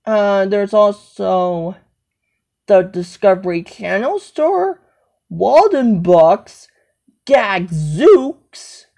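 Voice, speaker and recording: Brief: unhurried amateur monologue, sing-song pitch, repetitive listing of items. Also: lively intonation, gravelly, a little mellow. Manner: repetitive, listing things over and over. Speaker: home video maker. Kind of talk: rambling self-talk monologue.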